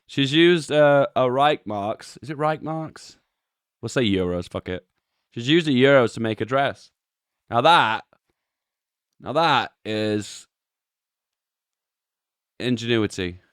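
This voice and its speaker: A young man, a YouTube host giving relaxed, chuckling commentary on memes and swearing offhandedly. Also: medium pitch, slow pace, long pauses, clear, resonant tone, no room sound, studio quality. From England. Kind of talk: casual commentary.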